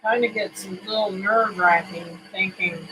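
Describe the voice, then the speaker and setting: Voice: mid-range voice, fairly even intonation, normal speed, pushed and bright, slight background noise, low-quality recording. A homesteading vlogger chatting casually to camera in a home kitchen, folksy and rambling, with many fillers.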